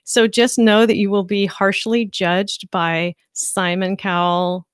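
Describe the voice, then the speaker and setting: A woman's voice: mid-range voice, little pitch movement, slow, clean tone, no echo, clean studio sound. A woman hosting a casual livestream from home, chatting loosely and reading viewers' comments aloud. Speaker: livestream host. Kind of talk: casual live-stream chat.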